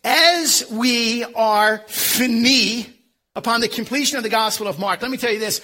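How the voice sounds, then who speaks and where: Pastor with a Philadelphia accent, a man in his fifties, high, bright voice, homespun and self-mocking in the pulpit. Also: moderate pace. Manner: folksy, self-deprecating humor with frequent um and uh. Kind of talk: sermon.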